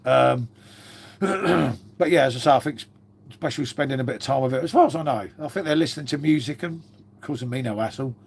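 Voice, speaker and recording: A man's voice: mid-range voice, fairly quick, gravelly, a little hiss or hum. A middle-aged man chatting casually on a live stream, rambling and swearing, calling everyone mate, unwell with a cough. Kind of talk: casual live-stream chat reading viewer comments.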